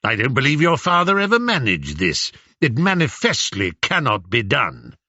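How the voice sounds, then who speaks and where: A haughty young nobleman who barks orders and swells with indignation, as a man acts him out in an audiobook. The delivery is pompous and full of lively rises and falls. It sits on a dry, slightly dull recording. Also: mid-range voice, normal speed, dry recording, pitched above the performer's own voice, full character voice. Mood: blustering. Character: arrogant, blustering young nobleman, leader of suitors.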